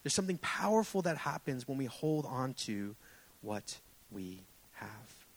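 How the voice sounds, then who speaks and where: A man's voice: medium pitch, sing-song, unhurried, rough recording. A young adult man preaching a sermon in a church sanctuary, impassioned and rising and falling in emphasis. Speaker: pastor.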